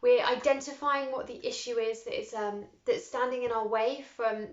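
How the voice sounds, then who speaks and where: A woman's voice: fairly high pitch, steady tone. Soothing woman guiding a meditation. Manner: slow, soothing instructions with audible sighing exhales. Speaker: meditation teacher. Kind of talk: guided meditation and breathwork. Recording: roomy, slightly dull recording.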